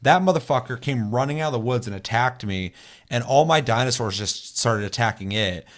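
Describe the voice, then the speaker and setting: Here a young man speaks at medium pitch and a slightly fast clip. He co-hosts a gaming podcast, drifting through long, swear-heavy stories in relaxed conversation.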